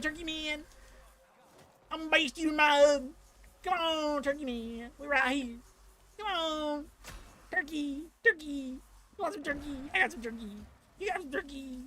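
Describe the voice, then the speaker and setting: A man putting on a strained, high, goofy voice to taunt a game boss with sing-song jeers. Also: moderate pace, long pauses, sharp tone, slight background noise. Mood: goading.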